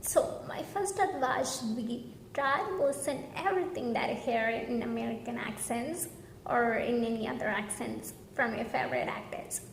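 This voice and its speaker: A woman's voice: fairly high pitch, creaky. Woman tutor, earnest pronunciation lesson, reverberant room with a faint hum. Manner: earnest, slow demonstrating of example words. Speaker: English pronunciation teacher.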